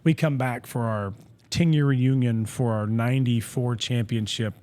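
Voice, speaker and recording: A man in his forties sits as a guest on a podcast and spins stories about his college football years. He is an animated storyteller who acts out the lines of the people in his tales and laughs easily. His voice sits at an average pitch for a man. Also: normal speed. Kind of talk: casual storytelling chat.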